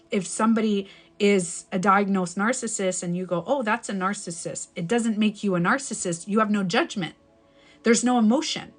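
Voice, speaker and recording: Candid swearing woman life coach, emphatic. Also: medium pitch. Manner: rambling with self-corrections. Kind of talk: live-stream advice talk.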